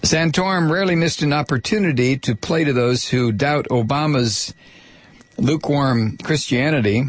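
A man's voice: medium pitch, normal speed, dry recording. A man hosting a political talk radio show from a studio microphone, delivering a sardonic, mocking monologue. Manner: sardonic and mocking, laughs at his targets.

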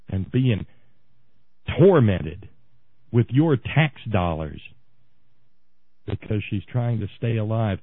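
Ranting radio talk host, tinny sound. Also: male voice, on the low side, dry recording. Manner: ranting, shouting in bursts, sarcastic. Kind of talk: impassioned political monologue.

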